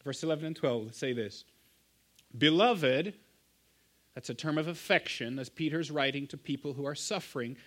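A pastor in his thirties preaching a sermon, telling family stories with lively rhetorical asides. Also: a little high, moderate pace. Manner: animated storytelling, rhetorical "right?" asides.

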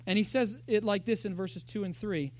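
A man with a high voice preaches a sermon in a church. He talks in a lively, conversational way and keeps asking the congregation rhetorical questions. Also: normal speed. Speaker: pastor.

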